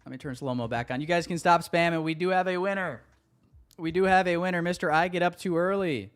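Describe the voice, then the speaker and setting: A man's voice: a little high, quick pace, smooth. A man hosting a live trading stream, chatting casually with viewers, loose and hyped, swearing now and then.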